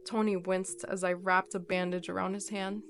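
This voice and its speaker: A woman reading a horror story aloud in a steady, measured narration. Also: mid-range voice, faint music behind.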